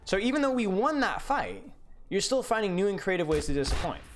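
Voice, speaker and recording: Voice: medium pitch, sing-song, a little fast, soft background music. A game coach reviewing a player's match live on stream, blunt and sarcastic, often repeating words while thinking aloud.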